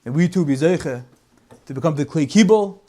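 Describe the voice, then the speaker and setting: A man giving a Torah talk as a lively story, mixing in Hebrew and Yiddish words. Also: on the high side, a little fast. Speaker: Torah speaker.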